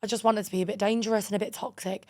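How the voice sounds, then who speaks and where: A woman's voice: mid-range voice, rapid-fire. A woman in her twenties co-hosting a podcast, telling a dating story in casual chat, full of "like" and acting out what people said. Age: 20s. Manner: animated, full of "like", acts out quoted dialogue. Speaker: podcast co-host.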